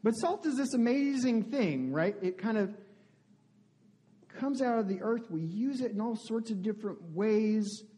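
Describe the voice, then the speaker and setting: A man's voice: high voice, animated, measured pace, dark tone. A male pastor giving a conversational sermon, often asking the congregation questions. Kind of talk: interactive sermon.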